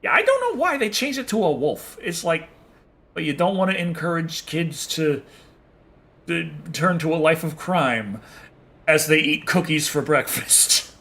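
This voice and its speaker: A man chats loosely with his viewers while he plays, rambling from one thing to the next and swearing freely. His voice sits a little high and sounds bright and forceful, often breaking into a chuckle. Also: big pitch swings, a little slow. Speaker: streamer. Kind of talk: casual chat with viewers while playing.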